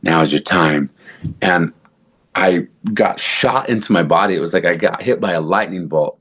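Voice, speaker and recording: A man as a podcast guest, telling a personal story in a casual, animated way, acting out quotes with lots of fillers. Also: deep voice, moderate pace, breathy edge.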